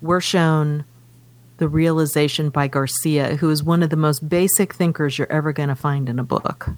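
A woman's voice: low voice, steady tone, normal speed, a little mellow, no echo. A woman co-hosting a casual book discussion, reading passages aloud from the novel between her comments. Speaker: podcast co-host.

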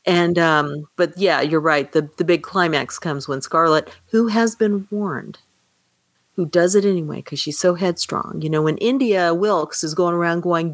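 A woman's voice: low voice, normal speed, no echo. A woman hosting a podcast, chatting casually and with amusement about a novel and reading passages aloud. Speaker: podcast host. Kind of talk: casual book discussion.

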